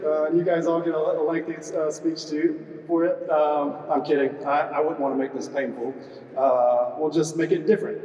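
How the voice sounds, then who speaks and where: Heard from afar in a large, echoey hall, a middle-aged squadron commander leads a retirement ceremony with a funny, chatty speech, trading banter with the audience and saying "uh" often. His mellow voice is a little high with little pitch movement, at a moderate pace, and the sound is lo-fi.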